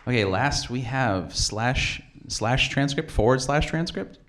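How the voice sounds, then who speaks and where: A man emceeing an event, introducing the next team in a measured, slightly hesitant way. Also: medium pitch, expressive, a bit bright. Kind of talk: introducing teams.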